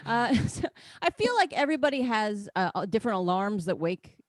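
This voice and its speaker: A woman's voice: medium pitch, very animated, a little fast, no echo. An American woman doing a stand-up set over a video call, chatty and self-deprecating, often laughing at her own jokes. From United States. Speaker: stand-up comedian.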